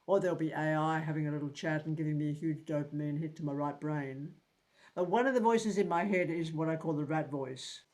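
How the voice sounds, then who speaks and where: A man's voice: on the high side, fairly quick, darkish tone. A man in his seventies teaching a tarot group in a casual, blunt way, swearing freely and repeating words while he thinks. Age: 70s.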